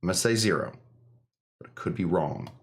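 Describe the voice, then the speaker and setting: A man's voice: deep voice, lively intonation, a little fast. A man hosting a live cocktail stream, chatting in a rambling, jokey way full of fillers. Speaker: host of a live cocktail show.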